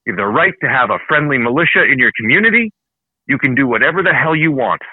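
A man from Canada hosting a heated political talk show, ranting fast and swearing often. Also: mid-range voice, expressive, slightly rough, no room sound. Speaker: show host. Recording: dry, phone-like narrow sound.

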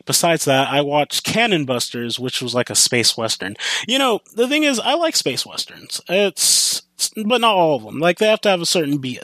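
Animated, rambling male podcast host. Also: fairly high pitch, no echo. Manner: rambling, full of fillers and restarts, animated rants. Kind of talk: casual chat.

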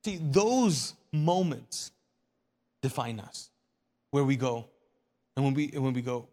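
A man's voice: medium pitch, animated, slow, pauses often, a little mellow. A man preaching a sermon as a pastor, speaking earnestly and conversationally, often repeating and restarting phrases.

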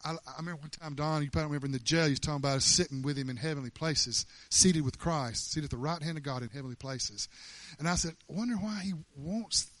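A man preaching a sermon in an animated, emphatic way, often laughing as he talks. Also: fairly high pitch, fast, no room sound.

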